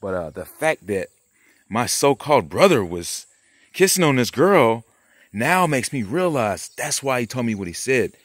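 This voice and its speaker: A man's voice: medium pitch, very animated, measured pace, no room sound. A man vlogging to his viewers in a rambling, profane, conspiratorial monologue while he works on a painting. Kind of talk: rambling casual monologue to camera.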